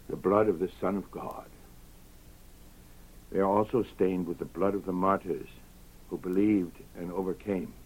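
A man preaching a sermon in a solemn, measured way that rises to ringing emphasis. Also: low voice, phone-quality sound. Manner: slow, solemn, rising to declamatory emphasis.

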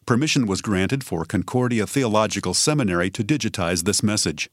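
Low-voiced man reading a plain announcement. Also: lively intonation, fairly quick, no echo, studio quality. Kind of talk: scripted announcement.

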